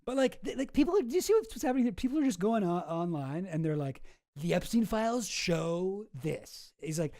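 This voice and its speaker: A man's voice: high-pitched, animated, quick pace, few pauses, dark tone, dry recording, clean studio sound. A man hosting a casual livestream, reacting to clips in a sarcastic, incredulous, rambling way. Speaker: streamer host.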